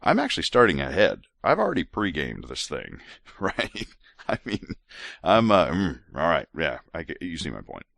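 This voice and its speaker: A man's voice: sits low, wildly swooping pitch, normal speed, vocal fry, a bit bright, no echo, studio quality. A man hosting a podcast in a casual monologue, a little drunk, rambling and laughing with many restarts. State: tipsy from drinks. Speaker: podcast host.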